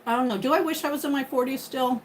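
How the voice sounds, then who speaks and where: A woman's voice: sits high, quick pace. Chatty woman in her fifties, livestreaming. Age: 50s. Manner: chatty, thanks viewers by name. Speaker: livestream host. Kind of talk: casual live chat with viewers. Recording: faint background noise.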